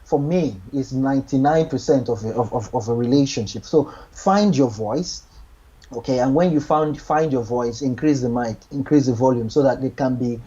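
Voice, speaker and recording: A man's voice: mid-range voice, moderate pace, dark tone, breathy edge, highs cut off. A man giving relationship advice in a casual chat, earnest, often repeating and restarting his words.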